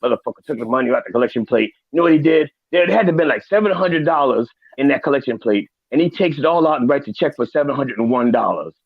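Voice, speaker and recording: A man's voice: mid-range voice, lively intonation, fast, vocal fry, hardly any pauses, no room sound, muffled recording. A man playing a crude older reverend character, rambling and profane with preacher-like asides, in a studio. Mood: mixed. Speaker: comedic guest in character. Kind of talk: improvised comedy in character.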